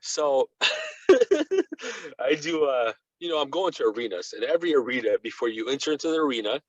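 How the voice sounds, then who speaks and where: A man from Russia whose first language is Russian, a guest reporter telling an animated, rambling story full of "you know" fillers. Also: mid-range voice, fairly quick, slightly rough, no room sound, lo-fi sound. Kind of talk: casual conversational storytelling.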